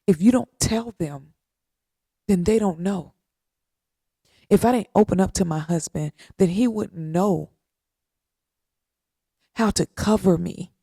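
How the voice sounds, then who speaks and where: Woman podcast host, slow earnest faith talk, gravelly and dark voice, dry close sound. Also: medium pitch, no echo. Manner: earnest, repetitive, with long pauses.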